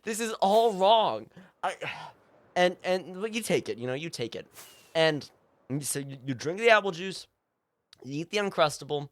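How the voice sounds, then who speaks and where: A male live streamer rambling through an improvised silly story for his chat, stammering and restarting, with bursts of loud shouting. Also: on the high side, lively intonation, moderate pace, long pauses. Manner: goofy, stammering with many restarts.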